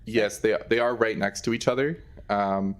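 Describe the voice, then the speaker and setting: A man's voice: fairly low pitch, fairly even intonation, moderate pace. A man on municipal staff explaining photos at a council meeting, with fillers. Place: council chamber.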